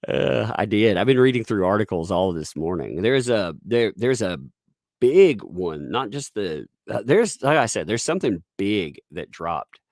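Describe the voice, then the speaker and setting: A man's voice: on the low side, big pitch swings, measured pace, darkish tone, dry recording, studio quality. A man with a Southern US accent, chatting casually on a live stream, rambling with restarts and frequent chuckles as he reads viewer tips.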